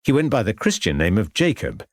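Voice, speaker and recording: A man's voice: lowish voice, huge pitch swings, fairly quick, no room sound. A man voicing a courteous, persistent Victorian police inspector who questions in a formal, polite way. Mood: probing.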